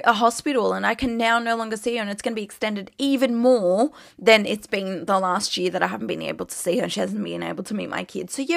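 A woman's voice: medium pitch, vocal fry, dry recording, studio quality. A young woman with an Australian accent, a social media creator talking casually and candidly, full of "like" and easy swearing. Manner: chatty, peppered with "like", swears casually.

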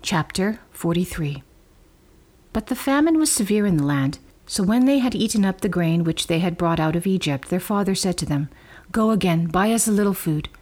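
A woman reading scripture aloud in a measured, clear storytelling manner. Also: on the low side, animated, a little mellow. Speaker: reader.

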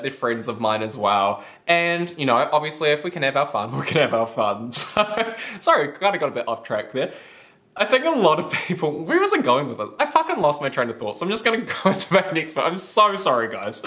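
A young woman hosting a podcast, chatty and unfiltered, with plenty of swearing. Her pitch leaps around as she tells her stories, and she often climbs high when she gets excited. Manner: candid, swears a lot, animated storytelling. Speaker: podcast host. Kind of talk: casual chat.

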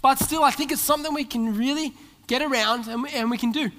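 Speaking very fast in a very high voice, this Australian man delivers a sermon as a pastor, narrating a story and performing the characters' lines. Soft music plays in the background of the large church hall, whose long reverb fills the recording.

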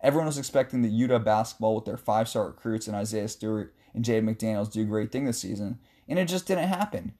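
A man hosting a casual sports talk show, answering a listener's question in a chatty, joking way with animated asides. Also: mid-range voice. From West Coast of the US.

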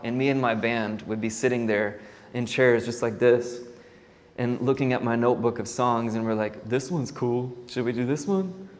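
Male worship pastor, thirties, easygoing self-deprecating storyteller, mid-pitched, recorded in a long-reverb hall. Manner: casual storytelling, self-deprecating, many fillers. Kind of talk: church talk. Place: church hall. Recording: hall reverb, faint ambient noise.

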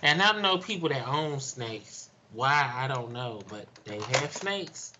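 A man's voice: mid-range voice, animated, takes it slowly, dull audio, background noise. A man in casual chat who laughs easily and drops dry asides.

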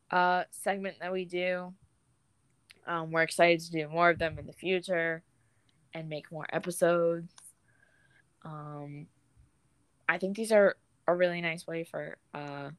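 A woman's voice: sits low, smooth, dry recording. A woman hosting a podcast, chatting in a laid-back, rambling way. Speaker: podcast host. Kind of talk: casual podcast chat.

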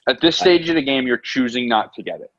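A man's voice: medium pitch, expressive, fast, a bit bright. An American man in casual talk, ranting in frustration and swearing a lot. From United States. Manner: profane, exasperated ranting. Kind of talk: casual heated chat. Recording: dull lo-fi sound.

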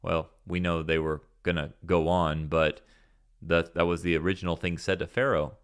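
Low-voiced man preaching earnestly. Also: level tone, moderate pace, clear, resonant tone. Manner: earnest, emphatic, rhetorical questions. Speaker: podcast Bible teacher. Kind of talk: preaching Bible study.

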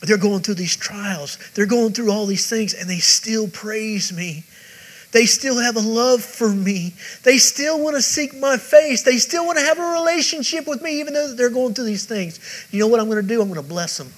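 A man's voice: sits high, normal speed, voice pushed up. A male preacher voicing God the Father as a proud, loving deity who speaks with rising fervor. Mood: fervent proud. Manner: fervent, rising to loud exclamations.

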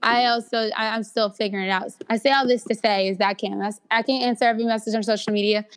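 A woman's voice: on the high side, fairly even intonation, quick pace, clear, resonant tone. A young adult woman, a guest actress, chatting candidly in an interview, swearing freely and acting out the messages people send her. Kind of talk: casual interview chat.

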